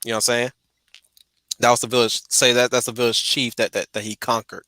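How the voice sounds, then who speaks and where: A man's voice: mid-range voice, flat delivery, a little fast, pushed and bright, no echo. A man hosting a casual stream discussion, talking in stumbling restarts and repeated words. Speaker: host.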